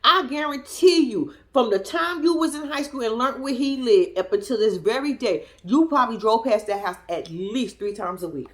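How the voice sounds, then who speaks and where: A woman recapping a reality show in casual reaction commentary, sassy and profane, talking straight to her viewers and swinging between loud outbursts and low muttered asides. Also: animated, normal speed, hardly any pauses.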